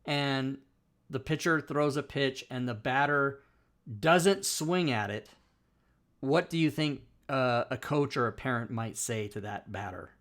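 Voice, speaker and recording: A man's voice: mid-range voice, unhurried, fairly bright tone. Man hosting a talk stream, jokey and teasing, walks through things step by step. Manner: playful, teasing, explains step by step. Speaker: talk show host. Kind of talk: casual live-stream chat.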